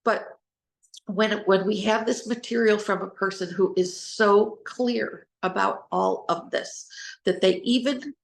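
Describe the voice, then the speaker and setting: Earnest woman, gravelly, in an echoey room. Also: medium pitch, a little slow. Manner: earnest, spells out words, rambles with restarts. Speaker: host, trauma recovery speaker. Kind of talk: informal talk to listeners.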